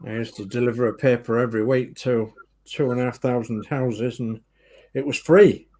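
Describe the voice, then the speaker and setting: A man chats in an easygoing way and drifts into small everyday anecdotes. His voice sits at an ordinary middle pitch, and his delivery stays relaxed throughout. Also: moderate pace. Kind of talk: casual chat.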